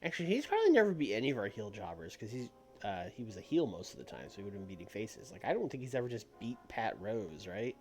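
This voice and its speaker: A man streaming a wrestling booking game, musing aloud and swinging from soft to loud. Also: on the low side, sing-song, fast. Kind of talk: thinking aloud while playing a game. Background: faint music.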